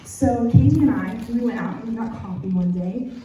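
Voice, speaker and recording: Young woman, Texan accent, youth sermon, earnest and chatty, fairly high voice, echoey room, far from the mic. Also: a little fast, mellow, soft background music. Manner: earnest, candid, chatty storytelling with many fillers. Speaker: youth group speaker. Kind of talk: youth sermon with personal story. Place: church youth room, recorded from a distance.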